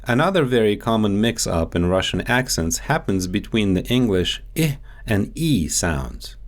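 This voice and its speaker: Man, dialect coach, very slow pace, measured explanatory tone, instructional narration. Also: fairly low pitch, sing-song. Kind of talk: scripted instructional voice-over.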